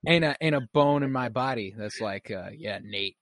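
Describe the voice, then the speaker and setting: A man's voice: mid-range voice, lively intonation, normal speed, a bit bright, dry recording. A man in casual chat about a TV show, laid-back and opinionated, swearing freely.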